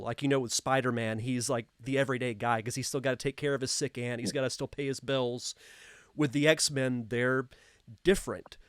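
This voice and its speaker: A man's voice: mid-range voice, smooth, no echo. A man in his thirties hosts a podcast interview. His voice sits in the middle range, and he talks in an eager, chatty way. The recording is close and dry. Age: 30s. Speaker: podcast host. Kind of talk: casual interview chat.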